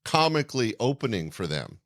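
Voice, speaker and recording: A man's voice: medium pitch, sing-song, brisk, fairly bright tone. A man hosting an interview podcast who asks questions and stops to explain points to his audience at length. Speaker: podcast host.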